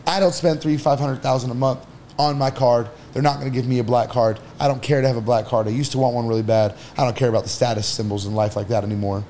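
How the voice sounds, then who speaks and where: A man's voice: mid-range voice, fairly even intonation, fast, dark tone, a little hiss or hum. A man on a podcast as an entrepreneur guest, talking casually and bluntly, with some swearing, while he gives advice. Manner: blunt, profane, advice-giving.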